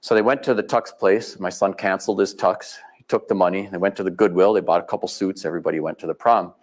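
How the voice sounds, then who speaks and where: A man's voice: sits low, fairly even intonation, fast talker. A middle-aged man giving a talk as guest speaker, telling stories in a folksy way and acting out the people he quotes. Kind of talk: storytelling lecture. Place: live event venue.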